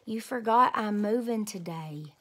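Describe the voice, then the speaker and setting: A woman's voice: mid-range voice, lively intonation, unhurried, a bit bright. A woman voicing a bold, sassy little kindergarten girl in an emphatic, raised read-aloud storybook voice. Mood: insistent.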